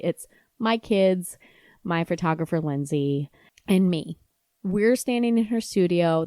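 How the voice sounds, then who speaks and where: A woman in her thirties telling a story about her kids in a casual, animated way, laughing and acting out her own side of conversations. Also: fairly low pitch, no echo, clean studio sound. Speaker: podcast host and mom blogger.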